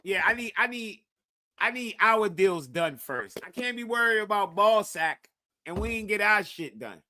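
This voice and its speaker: Live streamer, male, fairly high, forceful voice, swears freely and keeps the hype going. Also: expressive, normal speed. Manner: profane, hyped, keeps urging viewers to like. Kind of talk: casual live-stream chat.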